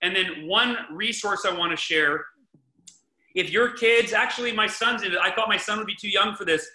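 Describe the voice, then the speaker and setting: The recording, made in an echoey room, features a male podcast host giving casual parenting advice. He is energetic and emphatic, often repeats himself and restarts sentences, and speaks high-pitched at a normal speed.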